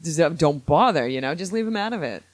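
A man hosting a casual podcast chat, voicing strong opinions with animated energy and frequent laughter. His voice sits fairly high for a man. The sound is close and dry. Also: fast talker, dry recording. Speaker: podcast host.

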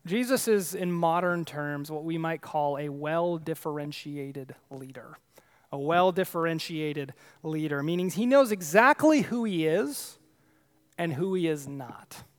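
A man preaching a sermon, retelling scripture in a conversational, animated way with casual asides. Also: fairly high pitch, unhurried, big-room sound. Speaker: pastor.

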